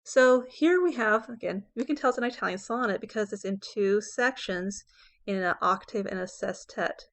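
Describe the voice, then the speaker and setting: A woman teaching poetry in an explanatory lecture voice. She checks in with her listeners as she goes and slows right down to read lines of verse with weight. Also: medium pitch. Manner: explanatory, reads verse slowly and dramatically. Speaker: English professor.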